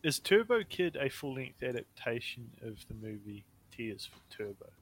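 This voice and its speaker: A man's voice: mid-range voice, sing-song, normal speed, breathy edge. A young man co-hosting a casual podcast chat, joking and often trailing off mid-sentence. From New Zealand. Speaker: podcast co-host.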